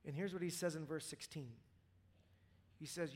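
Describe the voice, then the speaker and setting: A man preaching a casual, impassioned sermon to a church audience, dropping to near-whispers and then rising to loud, fervent peaks. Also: a little high, steady tone, moderate pace. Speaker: pastor.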